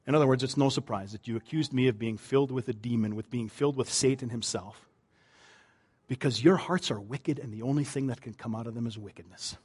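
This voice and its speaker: A man, a pastor, preaching a sermon, moving between loud emphasis and quiet, drawn-out lines. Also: mid-range voice, husky.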